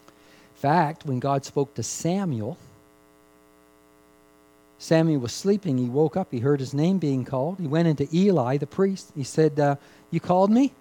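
A man preaching a sermon, rising to loud emphatic peaks and dropping to hushed, drawn-out phrases, repeating key words for emphasis. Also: a little high, low-quality recording. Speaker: pastor.

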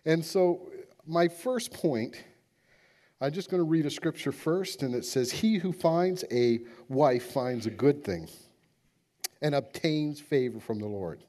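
A man preaching a sermon as pastor, speaking plainly and relaxed, halting with many fillers. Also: on the high side.

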